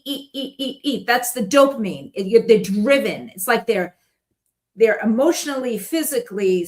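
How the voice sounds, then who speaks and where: A woman guest in casual conversation, telling stories in a chatty way and laughing often. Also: fairly high pitch. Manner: chatty storytelling with frequent laughs.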